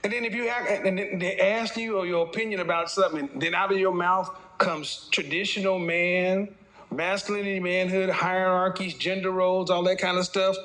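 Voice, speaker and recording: A man's voice: high-pitched, fairly even intonation, a bit bright. A man giving a casual opinion monologue as a dating commentator, speaking mockingly and addressing his audience directly. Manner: mocking, lecturing, slips into quick impressions.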